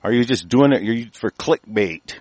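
Male host, mid-pitched, hostile and foul-mouthed, reads aloud haltingly, dry close sound. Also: animated, a little mellow, no room sound. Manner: aggressive, cursing, stumbles while reading aloud. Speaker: host of a commentary show. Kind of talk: angry profane news rant.

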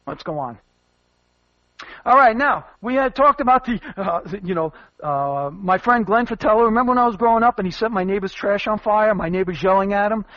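A man's voice: high voice, fairly bright tone, no room sound, highs cut off. A man hosting a commentary show, rambling and emphatic with many fillers. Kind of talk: casual spoken commentary.

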